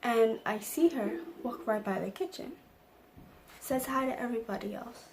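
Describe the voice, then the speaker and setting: A woman's voice: on the high side, normal speed, darkish tone, slight background noise. A young woman vlogger telling an emotional personal story, acting out the lines of the people in it. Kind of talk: storytime vlog.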